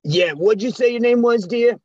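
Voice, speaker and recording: A man's voice: extremely high pitch, moderate pace, a little mellow, dry recording, muffled recording. A man voicing a flustered, creepy man who stammers and wheedles.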